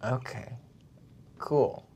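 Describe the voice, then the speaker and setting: A man voicing a shy, awkward teenage boy who speaks haltingly, full of "like". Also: darkish tone, a little hiss or hum. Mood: nervous. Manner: halting, hesitant, heavy on "like".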